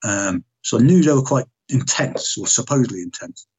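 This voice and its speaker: A man's voice: mid-range voice, animated, normal speed, darkish tone, husky, muffled recording, faint music behind. A man in casual storytelling chat, blunt and swearing freely as he acts out past conversations. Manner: blunt, heavy swearing, reenacts dialogue.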